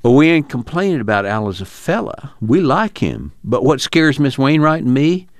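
A man's voice: mid-range voice, sing-song, moderate pace, no room sound, voice pushed up. A man reading an anxious, humble poor farmer father who speaks in earnest, worried rural talk.

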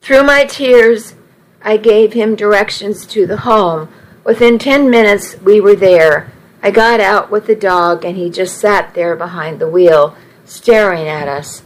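A woman narrating a first-person story in an even, unhurried way. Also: medium pitch, poor audio.

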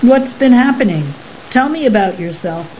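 A woman doing a huge gruff male creature. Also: on the high side, expressive, moderate pace, voice pushed up, natural voice. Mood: chatty. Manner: blunt, exasperated, loud. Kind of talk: audiobook character reading. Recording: slightly muffled with faint hiss.

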